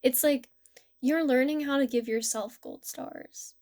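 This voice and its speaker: A young woman giving a tarot reading in a gentle, rambling, casual way, with many restarts. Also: high voice, measured pace. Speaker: tarot reader.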